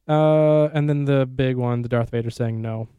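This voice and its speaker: A man hosting a podcast in casual chat, talking excitedly and rambling in quick bursts. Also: medium pitch, clear, resonant tone, no echo. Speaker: podcast host.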